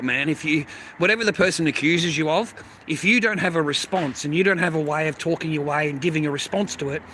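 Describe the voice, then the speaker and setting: Middle-aged Aussie man, slightly high voice, blunt and sweary, rambling livestream rant outdoors with clear traffic noise behind. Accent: Australian. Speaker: livestream host.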